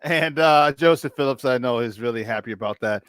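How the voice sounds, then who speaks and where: A man's voice: mid-range voice, fairly quick, clear, resonant tone, no room sound. Mocking male sports talk co-host, dry sound. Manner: mocking, emphatic.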